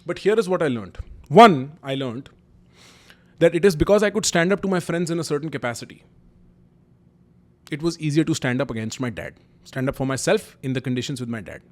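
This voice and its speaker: A man's voice: a little high, animated, fairly quick, long pauses, a little mellow. A young man with an Indian English accent telling candid, emphatic personal stories to camera. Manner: candid, emphatic, mixes Hindi kinship words and slang. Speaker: YouTube host.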